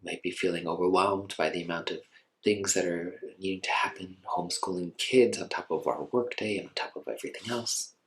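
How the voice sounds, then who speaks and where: A man teaching meditation in an informal talk, speaking gently and conversationally with frequent filler words. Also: low-pitched, fairly quick, rough recording.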